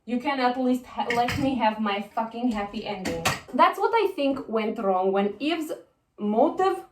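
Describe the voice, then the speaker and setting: A woman's voice: fairly high pitch, expressive, unhurried, distant mic, background noise. A woman putting on a put-on Russian accent to voice a defiant, unrepentant female assassin, indignant and swearing about her fate, over a poor mic. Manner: indignant, swearing, self-justifying. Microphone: poor-quality mic. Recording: echoey room, poor mic.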